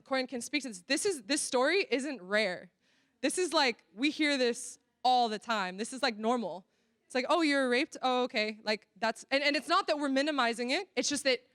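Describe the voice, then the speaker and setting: An earnest woman speaks candidly at a church workshop, leaning on casual fillers as she goes. Her voice sits a little high and comes through smooth and clear. The sound is dry and close. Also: a bit bright, no room sound. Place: church venue.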